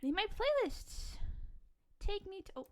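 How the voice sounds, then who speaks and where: Giggly young woman streamer, high voice. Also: big pitch swings, moderate pace. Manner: giggly, laughs often between lines; playful, swearing, reads and answers chat. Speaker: live streamer. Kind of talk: casual live-stream chat.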